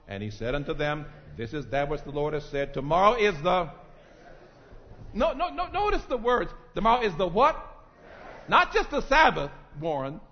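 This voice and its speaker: A man preaching a sermon, dropping to low murmurs and rising to shouted climaxes, calling out to listeners in the pews. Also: sing-song, normal speed. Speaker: pastor. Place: church sanctuary. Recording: dull echoing church recording.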